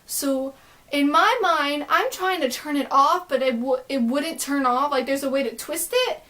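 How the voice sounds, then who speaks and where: A young woman with a high voice tells a personal story for her vlog. She rambles excitedly and leans on filler words throughout. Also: unhurried. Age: young adult. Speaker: vlogger.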